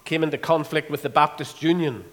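A man preaching an expository sermon, earnest and unhurried, often pausing with fillers as he reads scripture. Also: a little high, steady tone, long reverb tail. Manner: earnest, with many pauses and fillers.

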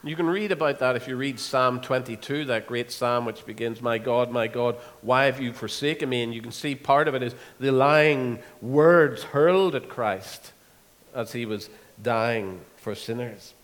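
A man preaching an expository sermon, earnest and unhurried, often pausing with fillers as he reads scripture. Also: mid-range voice, a bit bright, big-room sound. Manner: earnest, with many pauses and fillers.

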